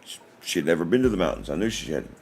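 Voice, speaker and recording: A man's voice: low voice, big pitch swings, racing, creaky, darkish tone, husky. A man, hosting a casual livestream and telling a story with many restarts. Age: 40s. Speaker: livestream host.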